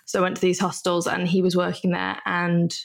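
A woman's voice: fairly low pitch, monotone, fairly quick, vocal fry. A woman in her thirties from the north of England, a podcast guest telling long chatty stories full of likes and ums. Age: 30s. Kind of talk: casual conversation.

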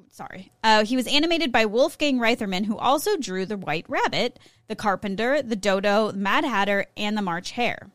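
A woman's voice: mid-range voice, dry recording. A woman co-hosting a podcast, reading a prepared segment in a casual way, with small slips and self-corrections. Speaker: podcast co-host presenting a segment.

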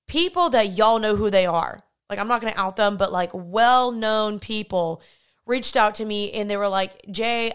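A young woman talking earnestly and chattily to her vlog audience about her own struggles, with quick asides. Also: mid-range voice, fairly bright tone, clean tone. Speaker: vlogger. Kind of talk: casual confessional vlog talk.

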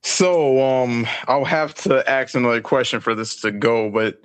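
A man hosting a casual podcast, relaxed as he reads out listener questions. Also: mid-range voice, measured pace, clean tone. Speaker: podcast host. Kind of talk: casual conversation.

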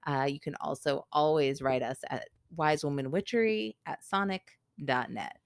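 A woman's voice: deep voice, moderate pace, creaky, dry recording, clean studio sound. A woman hosting a podcast, chatting casually in a rambling way and laughing often. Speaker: podcast host. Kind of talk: casual chat.

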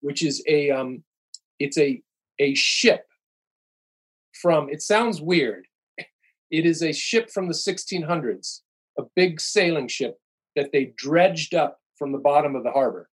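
A man's voice: a little high, expressive, a little slow, pauses often, husky, poor audio. A middle-aged man, a podcast guest, telling stories in casual chat and rambling through restarts and fillers.

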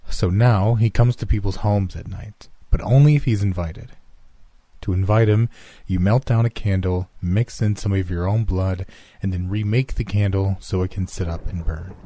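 A defensive, earnest young man tells a creepy legend and snaps when mocked, as a male narrator voices him. His voice stays low and mellow. The sound is dry, from a horror story reading. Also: normal speed, no echo.

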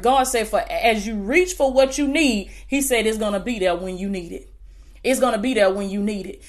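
A woman with a Southern US accent preaches a prophetic word to the camera, with a high-pitched voice. Her delivery is fervent and full of sudden exclamations, and she keeps calling her listeners "baby".

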